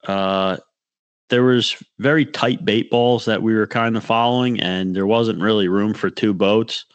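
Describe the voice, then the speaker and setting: A man with a low voice, recorded dry and close. He rambles through a fishing story in casual podcast chat, restarting sentences and acting out the lines of the people in it. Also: steady tone, a little slow, clean tone, dry recording, highs cut off. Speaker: podcast co-host.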